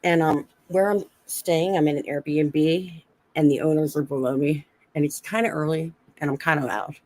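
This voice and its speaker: Speaking from an Airbnb room, a woman co-hosts a casual live stream on her phone, laughing and chatting with viewers and reading the chat in a giggly way. She has a slight lisp. Her low voice is a little mellow, with fairly even intonation and normal speed.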